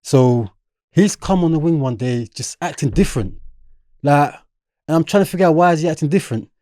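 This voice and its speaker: Young South London guy, slightly high voice, lively casual storyteller acting out quotes. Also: brisk, no echo, clean studio sound. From London, England. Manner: animated, street slang, acts out quotes. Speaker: podcast guest.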